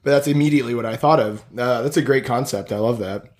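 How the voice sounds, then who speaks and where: A man's voice: medium pitch, fast, darkish tone. A man co-hosting a podcast, laid-back and agreeable in casual chat. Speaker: guest co-host.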